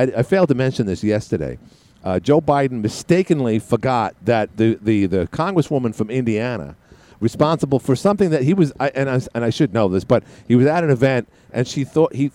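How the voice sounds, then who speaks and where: A man's voice: medium pitch, darkish tone. Rambling older male radio host. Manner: rambling, halting, many fillers and restarts; sarcastic, ranting. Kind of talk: casual political talk radio monologue.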